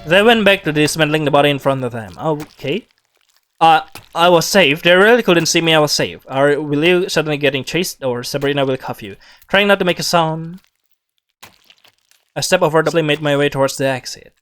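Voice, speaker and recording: Higher-voiced man reading a game aloud. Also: fairly bright tone, soft background music. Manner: breaks off narration for quick reactions. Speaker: gamer reading a visual novel aloud. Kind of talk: reading game text with asides.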